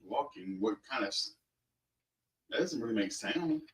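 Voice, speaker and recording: A man's voice: lowish voice, expressive, unhurried, fairly bright tone, echoey room. A man in a casual family chat, making blunt, dry remarks. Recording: distant mic, faint noise.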